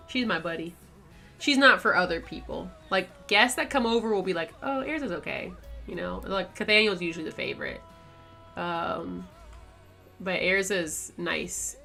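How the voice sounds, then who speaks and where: A woman's voice: medium pitch, fairly bright tone. A woman chatting casually on her art stream, rambling with lots of fillers and little laughs. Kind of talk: casual chat while drawing on stream.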